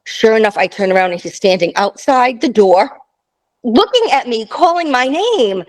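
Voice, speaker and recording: A woman in her fifties with a fairly high voice tells a travel story to a friend in a casual interview. She is animated and laughs often, and she jumps into the voices of the people in her story. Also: moderate pace, poor audio. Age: 50s. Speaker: guest.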